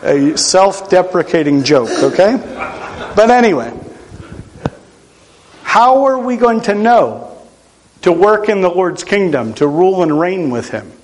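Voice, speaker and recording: A man from Pennsylvania delivers a sermon in a relaxed, conversational tone. His voice sits high for a man. He drops in dry jokes at his own expense as he teaches. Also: low-quality recording. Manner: conversational, self-deprecating humor. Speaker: preacher.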